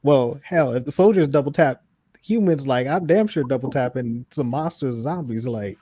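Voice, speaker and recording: A man's voice: medium pitch, moderate pace, mellow, husky, no room sound. A man co-hosting a podcast in casual chat, laid-back, laughing easily and trailing off. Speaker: podcast co-host.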